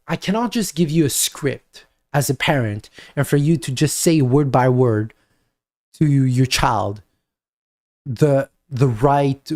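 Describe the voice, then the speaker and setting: A man giving a spoken video lecture with advice for parents, talking deliberately and repeating his points for emphasis. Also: fairly high pitch, a little mellow.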